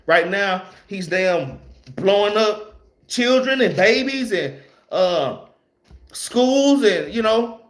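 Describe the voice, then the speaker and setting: A young man teaching scripture in a loose, slangy way, repeating words and reading verses slowly. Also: high voice, expressive. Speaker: street preacher teaching scripture. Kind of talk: informal Bible teaching.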